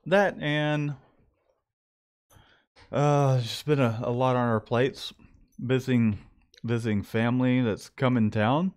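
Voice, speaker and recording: A man hosting a casual live stream from a screen printing shop, relaxed and laughing often. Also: mid-range voice, slow pace, pauses often. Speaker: host.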